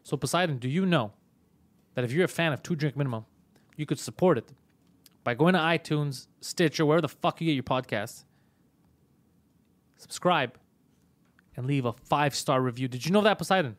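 A male comedian hosting a casual live stream, loud and profane, mock-bullying his co-host. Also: fairly high pitch, normal speed, long pauses, dry recording.

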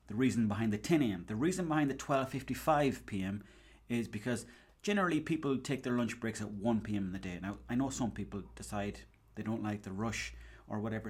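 A man's voice: on the low side, husky. An Irish man hosting a podcast, rambling through a comic story, swearing and acting out bits of dialogue. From Ireland. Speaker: podcast host. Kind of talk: casual comedic monologue.

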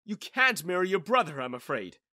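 A calm old priest speaks in a measured, careful voice, as a narrator puts him on. He tries to keep order in a storybook scene, his voice bright and slightly raised. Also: high voice, no room sound, studio quality, pitched above the performer's own voice, exaggerated voice. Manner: measured, trying to stay calm.

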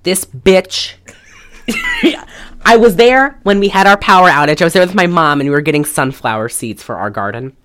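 A woman's voice: fairly low pitch, lively intonation, normal speed, fairly bright tone. A woman co-hosting a casual podcast, telling a profane, rambling story. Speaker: podcast co-host. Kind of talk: casual chat.

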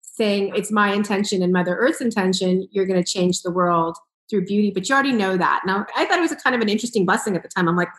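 A woman's voice: medium pitch, quick pace. A woman in a conversational interview, telling a personal story with lots of laughter and acted-out quoted dialogue. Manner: animated, laughs often, acts out quoted dialogue. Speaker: author and entrepreneur telling her story. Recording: roomy echo.

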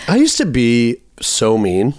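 A man's voice: mid-range voice, huge pitch swings, slow pace, a little mellow, a little hiss or hum. A Canadian man co-hosting a podcast, telling stories in a rambling, self-deprecating way. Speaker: podcast co-host. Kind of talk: casual chat.

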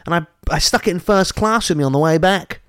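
A man doing a high, over-the-top voice of a brash, excitable male racing manager who rambles and boasts in a comedy podcast bit. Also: a little fast, smooth, dry recording, clean studio sound. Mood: boastful.

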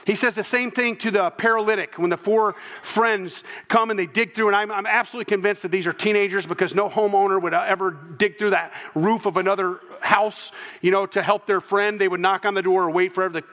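Pastor guy preaching, high bright voice, big echoey church hall, cracks jokes as he goes. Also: a little fast, few pauses. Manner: animated, joking asides while preaching. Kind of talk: sermon.

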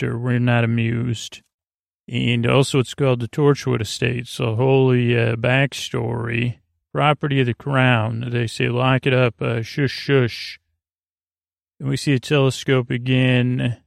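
A man hosting a sleep podcast, recapping an episode in a halting, rambling way with many fillers and restarts. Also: medium pitch, gravelly, dry recording, studio quality. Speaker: podcast host.

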